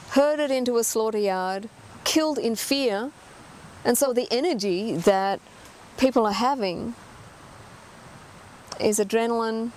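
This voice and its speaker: A woman's voice: mid-range voice, darkish tone, slight background noise. A middle-aged woman giving an earnest talk as an animal communicator, emphatic and full of rhetorical questions.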